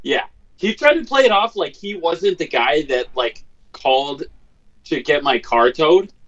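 A man's voice: a little high, unhurried. A man chatting on a podcast, telling a story animatedly and with swearing. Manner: animated, profane, re-enacts quotes. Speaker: podcast co-host. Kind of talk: casual chat, storytelling. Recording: slightly dull lo-fi sound.

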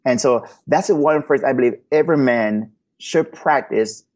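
A man's voice: mid-range voice, normal speed, a little mellow, muffled recording. A man answering podcast interview questions, telling personal stories in an earnest, preacherly way. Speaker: guest.

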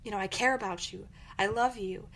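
Briskly and in a fairly bright, medium-pitched voice, a young woman hosting her own podcast delivers earnest, encouraging advice as a reflective monologue, playing out angry quotes as she goes.

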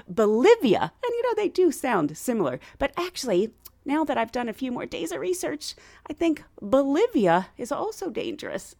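A woman's voice: medium pitch, gravelly, no echo, studio quality. A woman hosting a podcast, telling stories in a bubbly way, laughing often and acting out the people she quotes. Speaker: podcast host. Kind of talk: casual storytelling chat.

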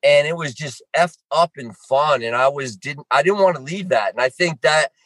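A man as a podcast guest, rambling and excitable, acting out quotes while joining by video call. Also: on the high side, normal speed, no room sound. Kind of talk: casual chat.

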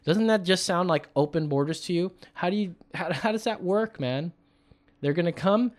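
A man's voice: sits high, moderate pace. Male comedian podcast host, joking, provocative, casual.

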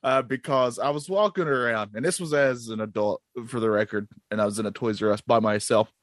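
A man's voice: mid-range voice, a little fast, dry recording, clean studio sound. A man co-hosting a podcast, telling a story in a laid-back, casual way. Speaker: podcast co-host. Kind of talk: casual chat.

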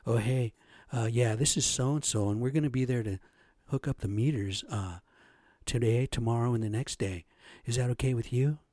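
A man's voice: mid-range voice, moderate pace, mellow, dry recording, clean studio sound, close to an everyday voice. A man imitating a polite male utility crew caller, chirpy and apologetic.

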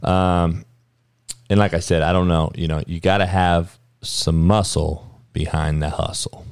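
A man's voice: low voice, unhurried, gravelly, clear, resonant tone, dry recording, clean studio sound. A man hosting a podcast, delivering a blunt, profane sports rant in casual talk. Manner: profane, blunt, animated rant with frequent cursing. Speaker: podcast host.

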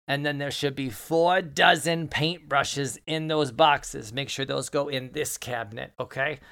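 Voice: medium pitch, a little slow, vocal fry, a bit bright. A game master voicing a bossy, crude camp counselor who smokes and rambles through orders.

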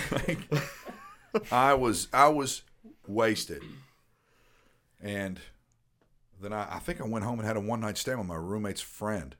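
A man's voice: fairly low pitch, a little slow, long pauses, a bit bright. A man in his thirties from Tennessee, a podcast host telling a rambling, profane story. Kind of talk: casual storytelling.

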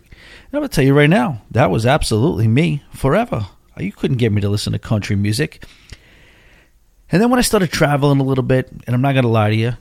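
A man's voice: mid-range voice, creaky, darkish tone, no echo, clean studio sound. A man, hosting a podcast and telling a long personal story in a casual, rambling way, full of asides and fillers. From Long Island, New York. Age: 40s. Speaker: podcast host.

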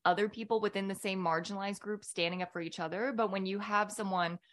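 Woman, guest author, interview, thoughtful, measured, mid pitch. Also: steady tone, fairly bright tone. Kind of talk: interview conversation.

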